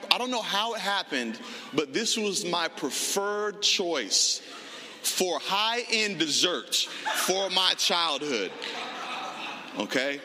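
A middle-aged man preaching a sermon to a live congregation, telling a story in an animated, conversational way. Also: on the high side, noisy background. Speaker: pastor. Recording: reverberant hall, faint ambience.

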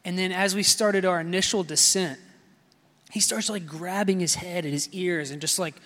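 A man's voice: sits high, moderate pace, fairly bright tone, in a large hall. A man preaching a sermon with personal stories, talking casually with many fillers and calling out to the congregation.

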